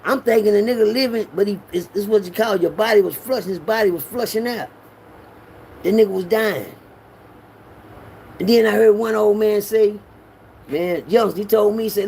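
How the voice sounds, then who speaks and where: A middle-aged man, telling a street story in an animated way and raising his voice to act out quotes. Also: normal speed, long pauses, slight background noise. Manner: animated, acts out quotes with raised pitch.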